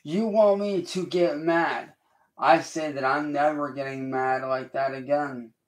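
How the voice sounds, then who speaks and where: Male livestreamer, fairly high voice, slow defiant lecture. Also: fairly even intonation. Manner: slow, deliberate, repetitive lecturing; confrontational, defiant. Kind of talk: livestream rant addressed to a critic.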